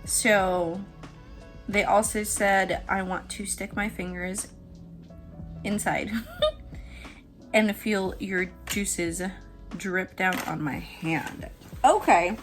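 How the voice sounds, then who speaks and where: A woman giving a casual tarot reading who is excitable and jumps between hushed, low talk and squealing laughter. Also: drawn-out words, long pauses, over music. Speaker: tarot reader.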